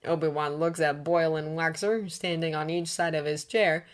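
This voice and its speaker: Woman reading fanfiction aloud, lowish voice. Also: steady tone, moderate pace. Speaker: narrator.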